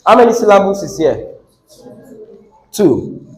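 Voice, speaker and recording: A Nigerian man teaching an English class, quizzing students and repeating words slowly. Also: sits high, sing-song, a little mellow. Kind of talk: classroom lesson. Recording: echoey classroom.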